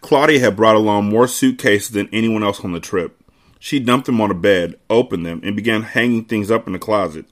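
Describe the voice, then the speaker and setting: A man's voice: lowish voice, a little fast. A man hosting a podcast, reading a novel aloud and dropping laid-back, conversational asides. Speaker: podcast host.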